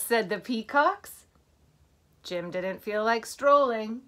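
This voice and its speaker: A woman teacher reading a picture book to children in an animated way, stopping to ask them questions. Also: on the high side, takes it slowly.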